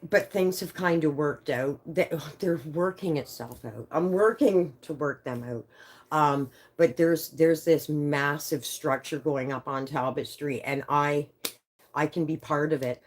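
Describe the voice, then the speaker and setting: A woman in her fifties hosting a livestream, chatting with viewers in an animated way, swearing freely and reading out their comments. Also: low voice, a little slow, slight background noise. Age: 50s. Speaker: livestream host. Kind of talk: casual livestream chat with viewers.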